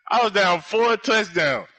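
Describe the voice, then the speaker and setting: A young man giving live commentary on his own gameplay, loud and full of profane trash talk. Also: sits high. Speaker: gamer.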